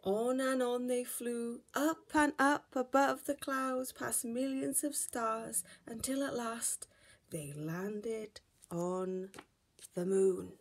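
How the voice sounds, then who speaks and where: A woman teacher reading a picture book aloud for story time, slow, gentle and expressive. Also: on the high side.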